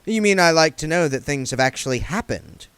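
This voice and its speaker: A man's voice: fairly high pitch, lively intonation, brisk, a bit bright, smooth, no room sound, pitched above the performer's own voice. A man doing an earnest young reporter. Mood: skeptical. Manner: earnest, pointed questions.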